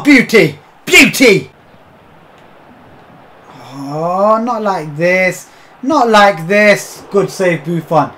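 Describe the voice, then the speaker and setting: Swearing gamer with a lively pitch. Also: male voice, slight background noise. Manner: swears a lot, bursts into shouting at the game. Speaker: gaming YouTuber. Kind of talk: live gameplay commentary.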